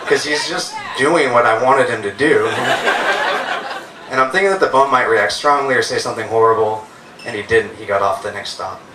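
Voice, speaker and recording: A man's voice: mid-range voice, moderate pace, noisy background. Casual, profane man telling stories on stage. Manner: casual, profane, self-mocking. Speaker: storyteller. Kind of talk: live storytelling on stage. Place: live stage venue with an audience. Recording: roomy hall, heard from a distance.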